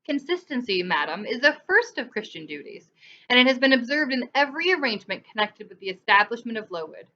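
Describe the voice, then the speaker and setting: A woman's voice: a little high, very animated, fairly quick, bright, forceful tone, lo-fi sound. A woman voicing a stern, pious middle-aged clergyman who lectures severely. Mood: pompous.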